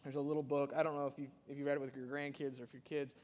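A man preaching a sermon in a conversational way, with sudden loud rises and soft drops. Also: mid-range voice, flat delivery, racing. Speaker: pastor. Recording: long hall reverb.

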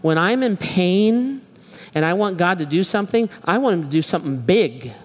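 A man's voice: high voice, animated, moderate pace. A middle-aged man preaching a sermon as pastor, telling stories with animation and acting out the voices of the people he quotes. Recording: long reverb of a large hall.

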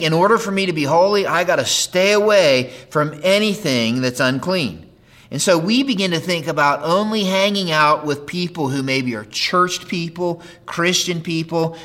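A man's voice: on the high side, fairly bright tone. A middle-aged man preaching a sermon in a conversational way, with rhetorical questions and repetition. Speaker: pastor.

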